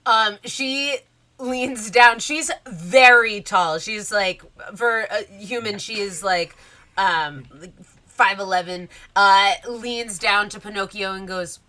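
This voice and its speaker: Woman gm narrating dnd, slow, bright voice, says like a lot. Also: medium pitch. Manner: descriptive, filler-heavy. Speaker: game master. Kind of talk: narrating a tabletop game.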